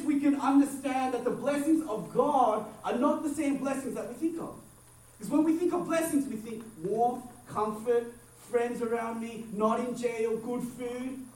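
A man preaching a sermon, animated, acting out quotes and swinging from loud to hushed. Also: sits high. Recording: echoey room, mic at a distance, faint background noise.

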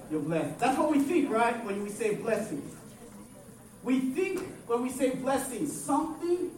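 A man preaching a sermon, animated, acting out quotes and swinging from loud to hushed. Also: high-pitched. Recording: echoey room, mic at a distance, faint background noise.

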